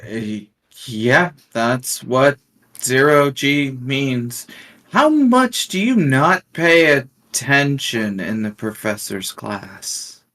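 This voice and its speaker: A man playing a tabletop game, with a dry, unhurried, slightly sarcastic delivery. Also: mid-range voice, expressive, sharp tone. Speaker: player.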